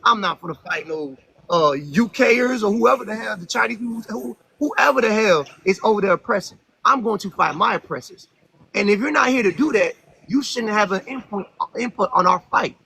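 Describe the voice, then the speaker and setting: A man hosting a heated live-stream debate, talking aggressively, interrupting and ranting loudly. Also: sits high, lively intonation, fairly quick, vocal fry, a little hiss or hum, rough recording. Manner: aggressive, interrupting, loud rants. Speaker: host.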